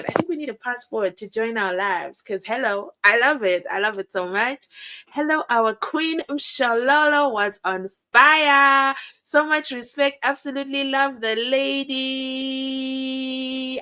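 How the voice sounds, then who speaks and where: A young South African woman hosting a live stream. She chats and reads viewer comments in an animated way, acting out quotes and laughing often. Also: on the high side.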